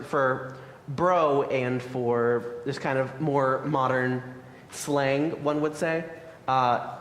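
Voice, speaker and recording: Young man teaching, echoey room. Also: mid-range voice. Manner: relaxed, lots of ums and uhs. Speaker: Sunday school teacher. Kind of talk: classroom lesson, answering questions. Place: church classroom. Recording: echoey room, faint noise.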